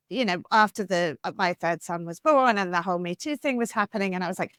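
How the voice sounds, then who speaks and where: A woman author being interviewed on a podcast, talking in an animated, talkative way with lots of "like" and "you know.". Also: on the low side, fast, few pauses, clear, resonant tone, no echo, studio quality. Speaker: author guest.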